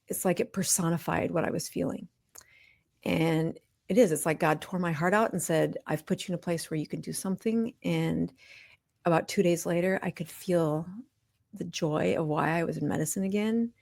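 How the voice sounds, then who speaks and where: Gravelly-voiced woman doctor telling her story. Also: lowish voice, no room sound. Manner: candid, lively storytelling that acts out quoted exchanges. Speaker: physician guest. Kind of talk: personal storytelling in a podcast interview.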